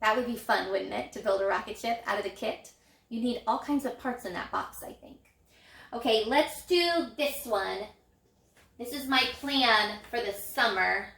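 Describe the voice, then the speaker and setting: A woman teaching an elementary phonics lesson, sounding out letters in a slow, encouraging, sing-song way. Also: on the high side, creaky, a bit bright, roomy sound. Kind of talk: recorded phonics lesson for young children.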